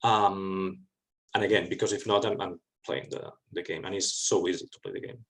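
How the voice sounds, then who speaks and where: A man answering questions after his academic talk, in a lively, wry way with quick restarts. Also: deep voice, poor audio. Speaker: guest speaker.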